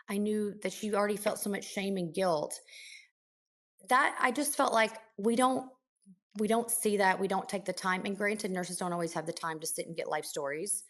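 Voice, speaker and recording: A woman who works as an ICU nurse, a guest on a podcast, telling stories from her work in an earnest, emotional way, with many restarts and fillers. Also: medium pitch. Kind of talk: conversational interview storytelling.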